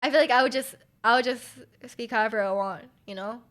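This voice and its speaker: A young Canadian Twitch streamer with a Canadian accent chats casually with her stream chat, rambling and trailing off between laughs. Her voice is on the high side and fairly bright, and she talks briskly.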